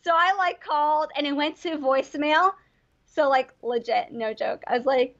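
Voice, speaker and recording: Young woman guest, high and bright, bubbly and giggly, lo-fi sound. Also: moderate pace. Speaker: guest voice actor. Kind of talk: casual interview chat.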